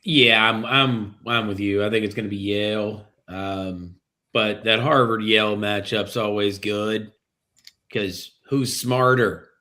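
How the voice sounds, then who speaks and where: A man's voice: on the low side, fairly even intonation, takes it slowly, pushed and bright. A man co-hosting a casual sports talk show, giving his pick in an easygoing, joking way. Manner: easygoing, jokey, reads viewer comments. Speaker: podcast co-host.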